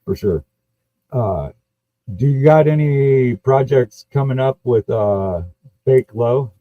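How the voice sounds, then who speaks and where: A man's voice: mid-range voice, animated, takes it slowly, dry recording. A man hosting a casual podcast interview, asking questions in a loose, swearing, easy-laughing way. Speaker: podcast host. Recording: dull, dry lo-fi sound.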